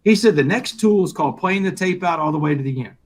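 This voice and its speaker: Middle-aged male guest, husky, slightly high voice, animated storyteller. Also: quick pace. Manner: animated storyteller, acts out quoted dialogue. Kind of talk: storytelling in a live interview.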